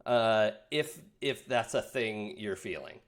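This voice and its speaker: A man running a tabletop role-playing game as game master, often pausing on fillers. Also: fairly low pitch. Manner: halting, with many fillers and laughs.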